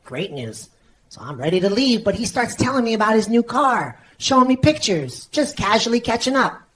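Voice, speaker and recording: A woman telling a stand-up joke in a lively storytelling manner. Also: a little high, moderate pace, a little hiss or hum, low-quality recording. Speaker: stand-up comedian.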